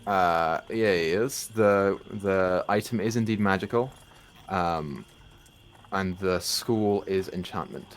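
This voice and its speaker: A man with a lowish voice runs a tabletop game as dungeon master, narrating in a measured way with frequent ums. A faint hiss of noise sits under his voice.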